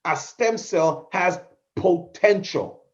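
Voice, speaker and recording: A middle-aged man delivers a fervent motivational talk, urging listeners on and repeating his key phrases. His voice sits a little high for a man. The podcast audio is dull and lo-fi. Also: takes it slowly. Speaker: podcast host, motivational speaker.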